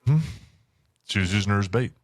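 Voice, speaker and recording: A man's voice: lowish voice, animated, a little fast, no room sound. A man co-hosting a podcast, chatting about a book in a laid-back, blunt way and swearing casually. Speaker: podcast co-host.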